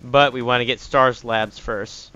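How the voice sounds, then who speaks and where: A man with a mid-range, steady, unhurried voice and a sharp tone live-streams a horror game, the highs cut off in the recording. He talks to himself as commentary, jumpy and out of breath, swearing and yelping whenever something chases him.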